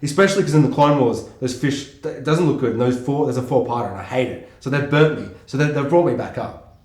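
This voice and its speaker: A man co-hosting a podcast, chatting casually and excitedly, swearing freely and humming bits of music. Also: medium pitch, fast talker. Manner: excitable, swears, hums music and imitates sounds. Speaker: podcast co-host. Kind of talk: casual chat. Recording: echoey room.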